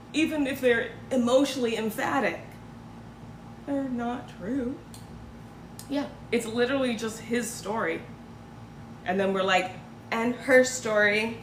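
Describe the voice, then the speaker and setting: A woman hosting a casual commentary livestream, talking in a loose, sarcastic way and now and then slipping into mocking voices. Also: a little high. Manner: conversational, sarcastic, swings into mocking put-on voices. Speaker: host. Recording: echoey room with faint ambient noise.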